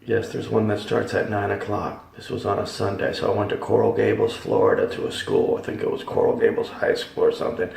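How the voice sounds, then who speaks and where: A man's voice: fairly low pitch, a little fast, gravelly, hardly any pauses, a little mellow. A man giving a religious testimony, telling his story in an emphatic, repetitive, dramatic way. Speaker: testimony speaker. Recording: echoey room, voice from far off.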